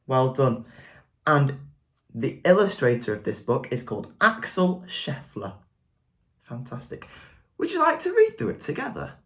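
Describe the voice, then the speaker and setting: A woman teacher with a low, very lively voice, reading a picture book to young children at an unhurried pace. She asks coaxing questions and is quick to praise each answer.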